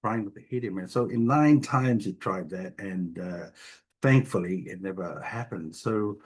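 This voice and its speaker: A middle-aged man with a slightly low, husky voice tells stories from his work as a family doctor. He talks in an easygoing, jokey way, often stopping and restarting his sentences. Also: measured pace. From Tonga. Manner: warm, jokey storyteller with frequent restarts. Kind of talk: storytelling interview talk.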